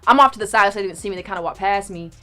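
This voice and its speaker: A young woman telling a story in casual chat, animated and profane, acting out what people said. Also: medium pitch, racing, faint music behind. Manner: animated, profane, acts out quoted lines. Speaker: storyteller guest.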